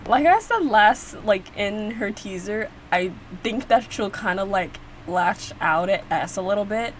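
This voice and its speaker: A woman's voice: mid-range voice, animated, a little slow, a little hiss or hum, poor audio. A young woman hosting a reaction video, talking casually and rambling with lots of fillers and restarts. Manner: chatty, rambling, frequent fillers and restarts, laughs often.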